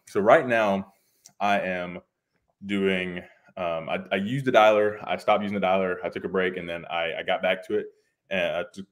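Brief: young male caller, deep voice, polite and halting, lots of ums. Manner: polite, hesitant, many ums. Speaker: caller asking for advice. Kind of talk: casual call-in question.

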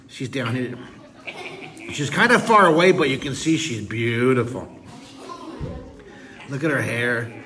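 A man's voice: fairly high pitch, bright, forceful tone. A man teaching a live drawing lesson for kids, enthusiastic and playful, asking his audience to call words back.

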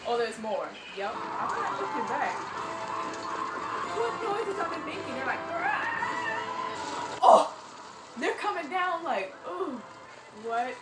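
A woman reacting to a movie for the first time, excitable and slangy, gasping and laughing at what she sees. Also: high voice, measured pace, long pauses, far from the mic, loud music behind the voice. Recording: echoey room, set back from the mic.

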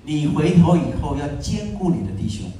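A man's voice: a little high, very animated, brisk, warm tone, distant mic, a little hiss or hum. A man interpreting a sermon phrase by phrase, earnestly echoing the preacher's emphasis. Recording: echoey church hall, picked up from afar.

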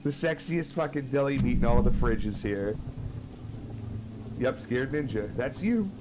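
A man's voice: medium pitch, lively intonation, a little slow, very noisy. A young man streaming a horror game, chatting casually and swearing, greeting viewers as he plays. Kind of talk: live gameplay commentary.

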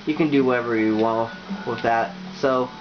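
A man's voice: mid-range voice, over music. Rambling young man with lo-fi audio. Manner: rambling, halting, many fillers and restarts. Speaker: YouTuber. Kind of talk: casual game tutorial.

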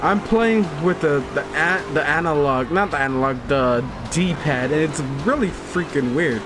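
A man's voice: fairly high pitch, a little slow, noisy background. A man in his twenties doing goofy, profane gameplay commentary and laughing a lot. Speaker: let's play gamer. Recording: game audio over game music. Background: game music.

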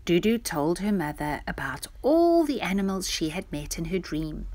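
A woman reading a picture-book story aloud to young children, with a lively, expressive delivery. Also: on the low side, moderate pace, few pauses.

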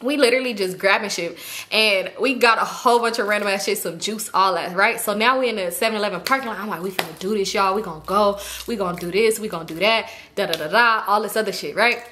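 Bright-voiced young woman telling a wild storytime. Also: medium pitch, quick pace, slight background noise. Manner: animated, slangy, swears freely, acts out her own lines. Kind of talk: casual storytime monologue.

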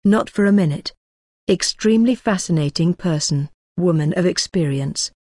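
A woman reading the part of a drunk, rambling gentleman who speaks in an oily, ornate way in an audiobook. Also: lowish voice, moderate pace, no room sound, studio quality, natural voice. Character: drunk rambling older gentleman, sly and mocking.

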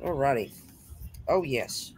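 A woman's voice: extremely low pitch, lively intonation, takes it slowly, a little mellow, a little hiss or hum. A woman hosting a casual crafting chat, talking as she works and tossing in folksy exclamations. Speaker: host.

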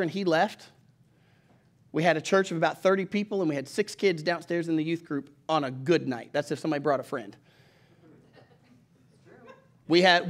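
A man, preaching from the pulpit in a casual, animated storytelling style. His voice sits high for a man, and he often restarts a thought mid-sentence. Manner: conversational and animated, with restarts and acted-out dialogue. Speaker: pastor. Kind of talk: storytelling sermon.

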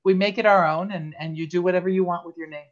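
A woman's voice: lowish voice, steady tone, fast, lo-fi sound. A woman hosting a live online talk show, chatting casually with many restarts and easy laughter. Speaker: host.

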